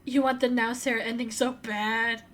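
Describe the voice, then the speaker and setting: A woman's voice: on the high side, flat delivery, moderate pace, noisy background. A young woman streamer chatting casually while playing a game, giggly and prone to trailing off. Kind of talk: casual chat while gaming. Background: game music.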